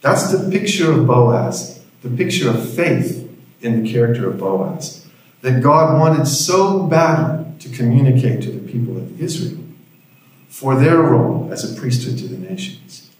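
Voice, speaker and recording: A man's voice: medium pitch, sing-song, a little slow, darkish tone. A male pastor preaching a sermon, telling a story with dry humor, recorded in a church hall. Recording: heavy room echo.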